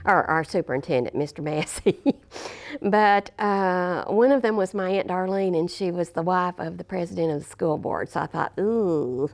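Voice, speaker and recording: A woman's voice: fairly low pitch, moderate pace, vocal fry. An older woman, a former teacher telling anecdotes in an oral history interview, chatty and laughing often. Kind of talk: anecdotal storytelling.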